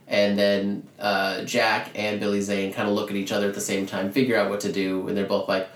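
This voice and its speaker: A man casually recapping a film plot, acting out the characters' lines with lively voice changes. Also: low voice. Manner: animated retelling, acting out lines with quick voice changes. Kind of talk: casual movie recap chat. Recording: roomy echo.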